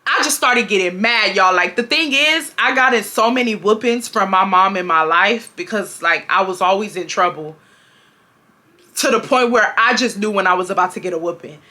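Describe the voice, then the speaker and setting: Bright-voiced young woman telling stories. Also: medium pitch, moderate pace. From Houston, Texas. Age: 20s. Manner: chatty, animated, addresses viewers as y'all. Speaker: storyteller. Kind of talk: casual storytime vlog.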